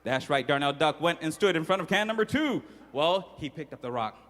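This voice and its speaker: A man's voice: a little high, brisk, long reverb tail. A man telling a children's story with sound effects and questions to the kids, ending in a short sermon. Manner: animated, sound effects, audience call-outs.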